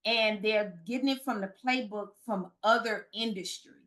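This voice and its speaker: A woman from Chicago, a recruitment founder, speaking as a podcast guest in earnest, halting casual chat. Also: mid-range voice, fairly bright tone. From Chicago, United States.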